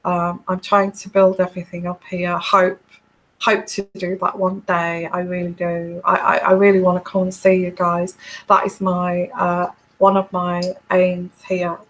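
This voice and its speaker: A woman tarot reader chatting casually to her viewers, halting and searching for words. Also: fairly low pitch, monotone, rough recording. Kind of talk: casual vlog chat to viewers.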